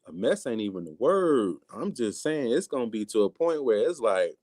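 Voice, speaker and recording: A man's voice: medium pitch, moderate pace, no echo. A man hosting a casual livestream, talking bluntly and with animation, acting out the things people say. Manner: animated, blunt, acts out quotes. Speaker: livestream host. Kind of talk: casual live-stream commentary.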